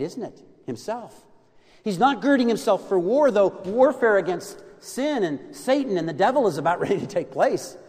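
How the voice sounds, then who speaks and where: Man preaching with big swings in volume. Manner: dramatic preaching, swinging from loud emphasis to hushed lows. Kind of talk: sermon. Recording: long hall reverb.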